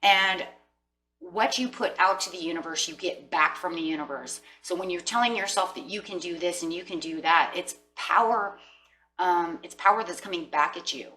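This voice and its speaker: A tarot reader with a low, forceful voice gives a casual, motivational reading, speaking earnestly and encouragingly straight to her viewers at a moderate pace. She sits far from the mic, with a faint hum and soft music behind her. The recording quality is low.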